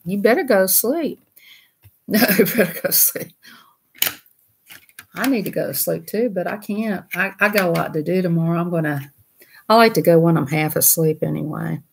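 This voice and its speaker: A woman chats casually with her livestream viewers in a folksy, rambling way. Her voice sits slightly low, and she laughs easily. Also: normal speed, vocal fry, pauses often, slight background noise. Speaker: livestream host.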